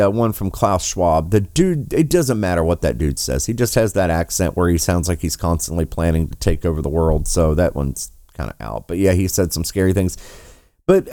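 A man delivers mocking political commentary, sarcastic and quick to swear. His voice rises and falls with lively animation, and it comes across smooth and resonant. The sound is close and dry. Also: low voice, no echo. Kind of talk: ranting commentary.

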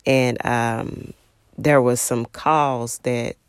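A parent telling a devotional story in a rambling, halting way, full of fillers and restarts. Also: mid-range voice, fairly even intonation, clear, resonant tone, no echo. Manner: acts out quoted remarks in a raised voice.

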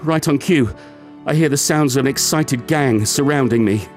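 A man reading a book passage aloud as a wounded shape-shifting being who narrates its own collapse in a tense, halting voice. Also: mid-range voice, music in the background, voice pushed up, lightly acted. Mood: pained, dazed. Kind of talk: dramatic book excerpt reading.

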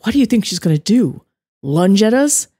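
A woman narrator plays an earnest young man, urgent and reassuring. The voice stays low and dark in a dry recording. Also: lively intonation, fairly quick, slightly rough, dry recording. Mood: angry. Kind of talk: audiobook character voice.

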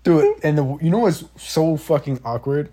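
A man's voice: on the high side, normal speed. A man telling a funny story in casual chat, swearing a lot and acting out what people said. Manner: animated, laughing, acts out quotes, swears a lot.

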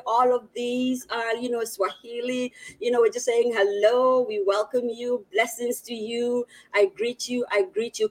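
A woman with a fairly high voice hosts a live online show and greets viewers one after another. She sounds effusive and playful and laughs easily as she reads the chat. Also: normal speed, few pauses. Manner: warm greeting of viewers in many languages. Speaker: host of an online storytelling show. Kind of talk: live-stream welcome, reading the chat.

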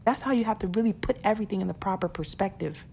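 A woman with a mid-range, creaky, somewhat mellow voice talks at a quick pace about keeping perspective, addressing her listeners in a casual, earnest motivational way. She frequently repeats words and laughs between points, and there's a little hiss or hum.

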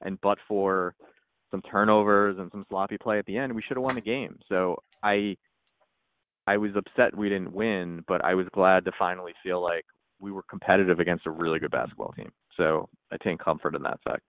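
A man's voice: low voice, fairly even intonation, brisk, no room sound. A man co-hosting a podcast in casual sports chat, rambling with many restarts. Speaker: podcast co-host. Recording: tinny phone-like line.

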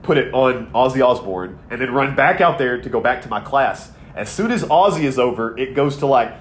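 Man, 30s, podcast co-host, casual chat, rambling, profane, mid pitch, faint noise behind. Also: expressive, moderate pace.

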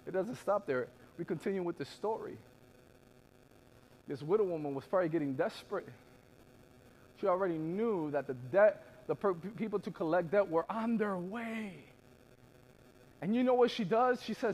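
A man preaching a sermon, building from quiet asides to shouted peaks and acting out the voices of biblical people in casual modern speech. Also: sits high, expressive, normal speed. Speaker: pastor.

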